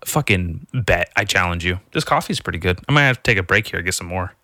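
A man's voice: sits low, expressive, fast, bright, forceful tone, no echo. A man in his twenties hosting a podcast alone, rambling and joking with lots of swearing. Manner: rambling, profane, jokey. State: slightly out of breath. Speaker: podcast host. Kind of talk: casual solo podcast rant.

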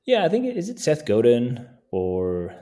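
A man's voice: mid-range voice, huge pitch swings, a little slow, warm tone. A man speaking as a podcast guest in a casual, easygoing way, often chuckling between thoughts. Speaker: guest landscape photographer.

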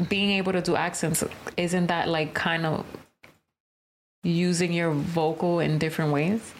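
A young woman chatting casually, asking quick, teasing questions. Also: on the low side, level tone, a little hiss or hum. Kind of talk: casual chat.

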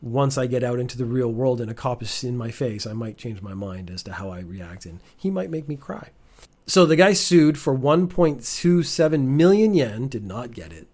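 A man's voice: medium pitch, lively intonation, moderate pace, a little mellow. Man chatting wryly through the news. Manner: chatty, wry asides, frequent restarts. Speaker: news commentator. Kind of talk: casual news commentary. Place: at home.

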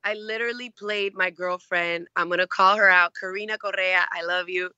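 A woman's voice: fairly low pitch, fairly even intonation, normal speed, bright, forceful tone, smooth, no room sound, highs cut off. A woman being interviewed as an actress, telling stories in a chatty way with lots of fillers. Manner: chatty, many fillers, acts out quoted voices. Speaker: actress guest. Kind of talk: casual interview storytelling.

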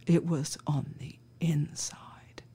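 A woman's voice: low voice, dark tone, heavily acted. A woman doing a drawling stoner surfer guy. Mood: dreamy. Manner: drawling, slow, half-whispered. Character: slow, spaced-out stoner surfer man. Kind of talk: storytelling impression.

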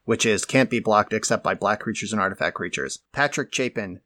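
A man co-hosting a casual talk show who speaks in a lowish voice. He explains things in a measured, lecturing way, with a "like" here and there. The sound is dry and close. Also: sharp tone, no echo. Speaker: podcast co-host.

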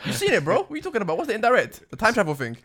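A man giving quick, opinionated takes in slangy podcast chat. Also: high-pitched, wildly swooping pitch, background noise. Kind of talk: casual chat.

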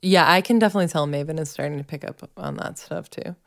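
A woman's voice: sits low, quick pace. A woman in her thirties co-hosting a podcast, chatting casually with lots of "like" fillers. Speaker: podcast co-host. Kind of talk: casual chat.

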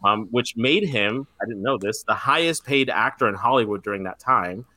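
A man's voice: fairly low pitch, moderate pace, pushed and bright. A man hosting a podcast, telling a story in casual chat with lots of ums and restarts. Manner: rambling storytelling with many fillers. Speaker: podcast host.

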